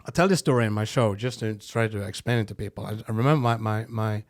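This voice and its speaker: A man with a Norwegian accent, a comedian chatting candidly as a podcast guest, with frequent restarts. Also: lowish voice. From Norway. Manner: candid, quick, lots of restarts and laughs. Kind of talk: casual podcast chat.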